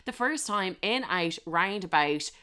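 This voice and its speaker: A woman's voice: on the low side, unhurried, clear, resonant tone. Sweary woman telling a frank story. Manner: sweary, animated, laughs at herself.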